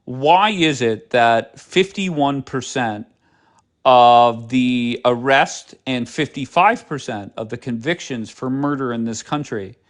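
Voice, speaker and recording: A man hosting a live stream, talking bluntly and sarcastically with a lot of swearing. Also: mid-range voice. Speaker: livestream host. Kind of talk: casual live-stream chat.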